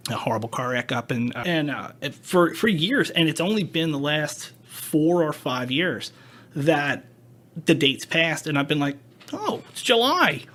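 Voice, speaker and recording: A man's voice: on the high side, a little slow. A man who is a paramedic, chatting candidly on a podcast and acting out quotes from old calls. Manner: animated, recounts calls with acted-out quotes. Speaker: paramedic guest.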